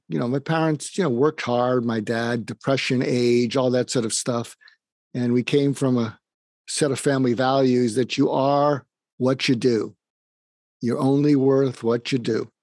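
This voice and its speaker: A man's voice: mid-range voice, gravelly, darkish tone, no room sound, studio quality. A man, a psychiatrist from near Boston, telling a personal story in an earnest, reflective way and acting out the dialogue he quotes. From suburb of Boston, USA. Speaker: psychiatrist guest.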